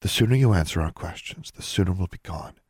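A man voicing a calm, stern older witch inquisitor in an audiobook, speaking in an even, measured tone. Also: low-pitched, breathy edge, dry recording, studio quality. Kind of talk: audiobook narration.

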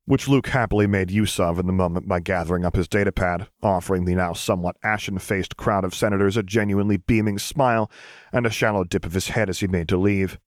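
A man narrating fan fiction as an audiobook reader, in a steady, measured way. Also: deep voice, dry recording.

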